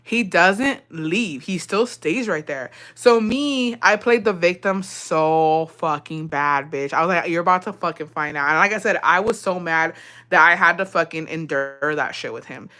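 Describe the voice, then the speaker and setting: Bright-voiced woman telling a profane story. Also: lowish voice, unhurried. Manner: swears freely, calls viewers "besties", acts out dialogue. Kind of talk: casual storytime vlog.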